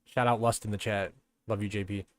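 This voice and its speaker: A man co-hosting a podcast, talking about a song in a relaxed, slangy way. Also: fairly low pitch, brisk, dry recording. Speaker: podcast co-host. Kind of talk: casual chat.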